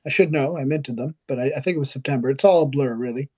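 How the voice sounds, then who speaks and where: A man's voice: mid-range voice, fast talker, a little mellow, breathy edge. A man from Canada hosting a live audio chat, joking and rambling with filler words. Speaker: host.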